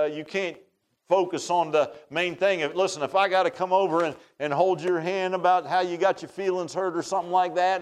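A man preaching a sermon in a folksy, animated storytelling way, often restarting his sentences. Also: on the high side.

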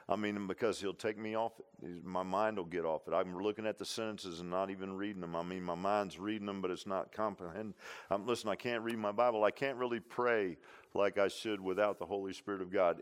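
A man preaching a sermon, repeating lines for emphasis and tossing in "huh?" and "amen.". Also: fairly low pitch. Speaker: pastor.

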